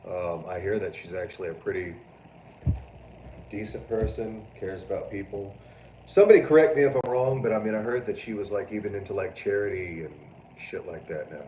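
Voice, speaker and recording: A man hosts a casual livestream, reading viewer comments and riffing loudly with plenty of swearing. His voice sits low and sounds roomy, picked up from a little distance off the mic, with a faint hiss behind it. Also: fairly quick. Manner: loud, animated, profane, prone to mocking voices. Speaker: livestream host.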